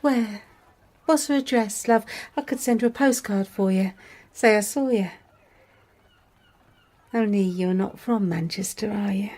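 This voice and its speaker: An actress playing a kindly, shrewd middle-aged mother who chats warmly and probes gently in a radio drama. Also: mid-range voice, measured pace, long pauses, natural voice. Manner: warm, chatty, gently probing.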